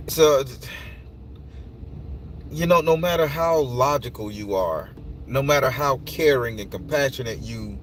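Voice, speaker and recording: Profane man ranting outdoors by traffic. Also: medium pitch. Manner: rambling, repetitive restarts, swearing freely. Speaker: spiritual tarot vlogger. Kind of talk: casual profane rant to viewers. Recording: outdoor street noise with cars.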